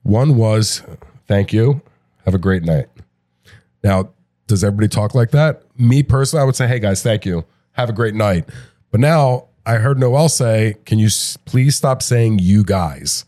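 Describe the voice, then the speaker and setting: A man's voice: lowish voice, moderate pace, mellow, no echo, clean studio sound. A man hosting a casual restaurant-industry chat, asking leading questions and joking with his co-hosts. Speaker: podcast host.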